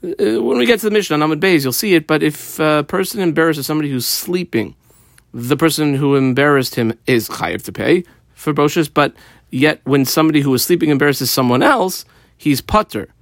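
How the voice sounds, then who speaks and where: A man's voice: fairly high pitch, brisk, vocal fry, no room sound. Methodical man teaching Talmud, dry sound. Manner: methodical, reads Hebrew and Aramaic then translates. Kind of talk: explaining a text with a page guide.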